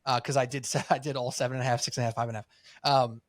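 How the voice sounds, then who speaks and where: A man with a New York accent co-hosting a sports podcast, telling stories in a lively way and acting out what people said. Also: medium pitch, rapid-fire, dry recording, studio quality. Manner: animated storytelling, acts out quotes. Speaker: podcast co-host. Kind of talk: casual sports chat.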